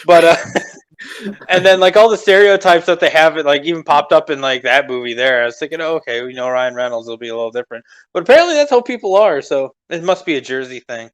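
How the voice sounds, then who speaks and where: A man's voice: on the high side, animated, fast talker, clear, resonant tone. A young man co-hosting a podcast, rambling loosely and laughing as he talks about movies. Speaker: podcast co-host. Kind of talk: casual comedic chat.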